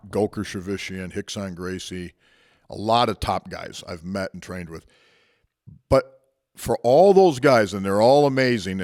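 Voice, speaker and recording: A man's voice: on the low side, darkish tone, dry recording, clean studio sound. A man telling a personal martial arts story as a motivational talk, conversational and reflective with frequent restarts.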